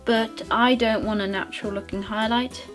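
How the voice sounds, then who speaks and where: Young girl rambling through a makeup tutorial, kinda high voice, soft music behind. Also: fairly even intonation, moderate pace. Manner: bubbly, rambling, giggly, self-mocking. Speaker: beauty vlogger. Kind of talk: casual makeup tutorial chat.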